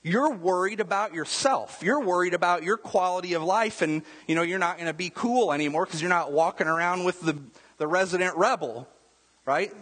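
Husky pastor preaching in an echoing hall. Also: male voice, sits high, a little fast, fairly bright tone. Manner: casual, rhetorical asides with frequent "right?". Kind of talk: conversational sermon.

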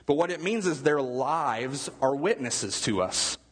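A man's voice: mid-range voice, animated, a little slow, slightly rough, long reverb tail. A male pastor giving a conversational sermon, asking his listeners questions as he goes. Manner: conversational, asks the room questions.

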